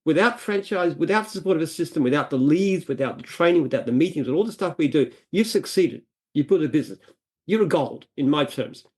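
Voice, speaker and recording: An Australian franchise founder, appearing as a guest, answers interview questions earnestly and emphatically, often repeating and restarting phrases as he explains. His voice sits on the high side, brisk, a little mellow and slightly rough, with lively intonation.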